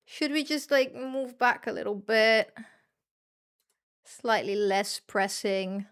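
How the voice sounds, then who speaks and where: A woman's voice: on the high side, takes it slowly, long pauses, fairly bright tone, clean tone. A young woman from the Netherlands, chatting and swearing casually to viewers while commentating her gameplay. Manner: chatty, swears freely, self-deprecating, rambles to viewers. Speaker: streamer.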